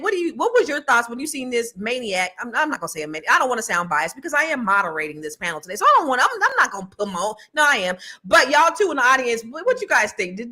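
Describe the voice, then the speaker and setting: Bright, slangy woman moderating a panel. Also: high voice. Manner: slangy, chatty, quick restarts. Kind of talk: casual panel discussion.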